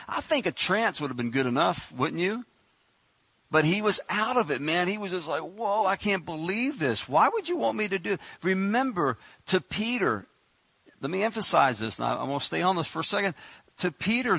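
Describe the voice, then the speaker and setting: A man's voice: high voice, pushed and bright, breathy edge, no room sound. A man preaching a sermon in a conversational way, acting out the people in the story as he goes. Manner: conversational preaching, acts out biblical characters.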